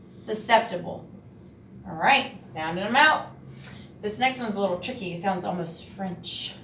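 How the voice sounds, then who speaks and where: A woman teacher running a reading lesson, encouraging and sounding words out slowly. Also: medium pitch, fairly bright tone, a little hiss or hum. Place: classroom. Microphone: far camera. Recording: echoey room from far off.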